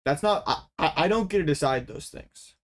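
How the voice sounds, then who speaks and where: A young man giving casual gameplay commentary as a card game YouTuber, excitable and full of dramatic mock complaints. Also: fairly high pitch, normal speed.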